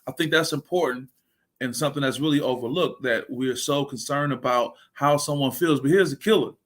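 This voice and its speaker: Speaking a bit fast in a mid-range voice, a fortysomething sports coach gives a rousing, preacher-like motivational speech over a livestream, fielding viewer comments as they come in.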